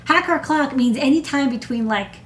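A woman's voice: high voice, a bit bright. A woman hosting a casual electronics show from her desk, chatty and rambling, a little phlegmy and stuffy. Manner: chatty, quick asides, many "like" and "um". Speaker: show host and electronics engineer. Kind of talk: casual chat and tech demo. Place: home desk indoors at night.

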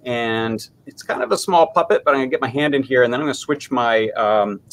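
A man's voice: mid-range voice, brisk. Guy walking through his electronics project, laid back, lots of uhs and ums. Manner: relaxed, explains step by step with many fillers. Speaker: maker demoing a project. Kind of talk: casual demo chat on a video call.

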